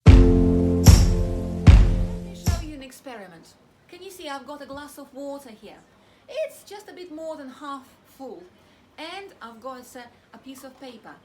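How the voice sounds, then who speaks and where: A woman's voice: high voice, animated, normal speed, pauses often, loud music behind the voice. A woman presenting a children's church object lesson, chatty and playfully acting worried, with small restarts.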